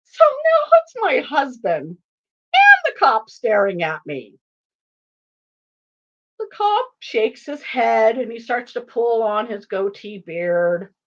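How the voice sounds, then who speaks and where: A woman author telling a funny family story at a live online event, in an animated, expressive manner. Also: a little high, takes it slowly, highs cut off. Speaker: author and guest reader.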